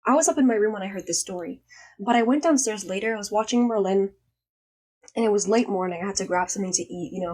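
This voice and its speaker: A young woman telling a story in a casual vlog, emphatic and swearing freely, her voice still a little hoarse from being sick. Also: medium pitch, fast talker, dark tone. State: slightly hoarse after illness. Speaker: vlogger.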